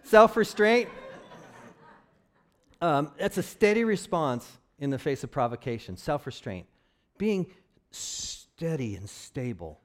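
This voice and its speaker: Man preaching in a relaxed, joking way. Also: mid-range voice, unhurried. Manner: conversational, joking asides. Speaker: pastor. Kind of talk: sermon.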